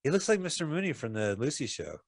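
A man's voice: fairly high pitch, very animated, fast talker, no echo, clean studio sound. A man co-hosting a radio show, reacting casually while watching a movie. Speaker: radio co-host. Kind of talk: casual movie commentary chat.

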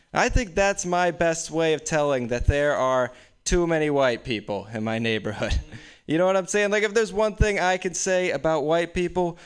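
Young man doing deadpan stand-up. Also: a little high, smooth. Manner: casual, deadpan storytelling with frequent laughs. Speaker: stand-up comedian. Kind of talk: open mic stand-up set. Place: small room with few people. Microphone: stage microphone.

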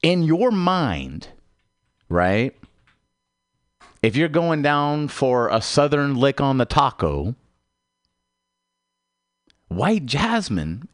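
A man hosting a radio comedy show, delivering a mock infomercial rant with a salesman-like pitch and big swooping emphasis. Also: dry recording, studio quality. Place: radio studio.

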